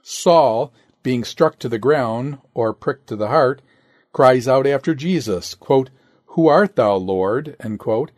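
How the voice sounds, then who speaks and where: A man reads an old sermon aloud at an unhurried, measured pace. He speaks deliberately and calls out each quotation mark. The recording is dry and close, with no room sound. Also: medium pitch, darkish tone, dry recording. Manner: deliberate, says "quote" and "end quote" aloud, raises voice on quoted scripture. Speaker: sermon reader. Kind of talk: reading a historical sermon aloud.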